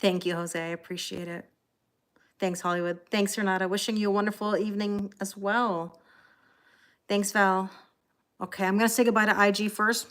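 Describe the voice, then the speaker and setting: She's a tarot reader hosting a livestream, casually chatting with viewers, naming and thanking them, and talking to her cats between comments. The voice is medium in pitch with little pitch movement, a moderate pace, and a fairly bright tone.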